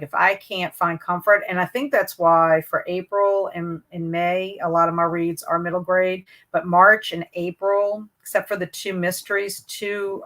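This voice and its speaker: A woman's voice: lowish voice, fairly bright tone. A woman hosting a book livestream, chatting casually and reading out viewer comments, with a chatty, hesitant manner full of fillers and restarts. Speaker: booktube host reading live chat.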